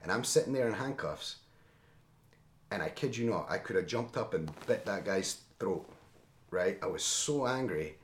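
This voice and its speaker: A man telling a story in a casual, animated way, often tagging his lines with "right?". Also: on the low side, moderate pace. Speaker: interview guest. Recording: roomy echo.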